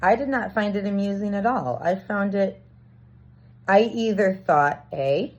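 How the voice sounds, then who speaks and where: Mid-range, a little mellow and animated, this woman's voice moves at a measured pace through a reflective personal monologue. She earnestly tries to make sense of a confusing experience and reenacts bits of dialogue, heard through a dull lo-fi recording.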